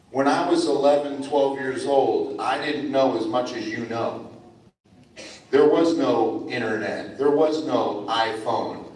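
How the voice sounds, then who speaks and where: A middle-aged man from New Jersey giving a friendly, animated speech to students as a guest speaker at a school ceremony. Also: medium pitch. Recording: echoey hall from far off, faint ambience.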